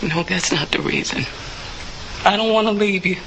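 Give me an actress playing a gentle older nanny, soft and bright. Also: female voice, mid-range voice, normal speed, a little hiss or hum, lightly acted, low-quality recording. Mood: tender sad. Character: older woman nanny, tender and loving. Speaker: film character. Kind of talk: film drama acting.

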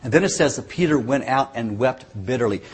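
A male preacher with a deeply husky, raspy voice at a middling pitch. He delivers his sermon in an earnest, dramatic storytelling way, leaning hard into key words. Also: expressive, brisk.

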